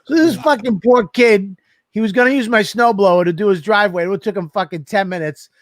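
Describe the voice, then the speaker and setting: A man co-hosting a comedy podcast, swearing his way through a lively story on a studio microphone. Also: sits high, a little fast, no room sound. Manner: animated, swearing constantly, acts out scenes. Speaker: podcast co-host.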